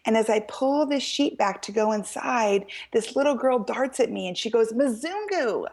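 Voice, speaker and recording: Lively American woman telling a story. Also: on the high side, normal speed. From United States. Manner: lively, quotes people in animated voices, laughs often. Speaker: author guest. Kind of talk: storytelling in a talk-show interview.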